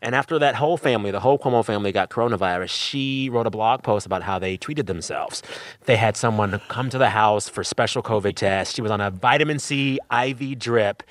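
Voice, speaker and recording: A man hosting a radio interview from home, chatty and quick to laugh. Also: on the low side, no echo. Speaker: radio show host. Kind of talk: conversational interview.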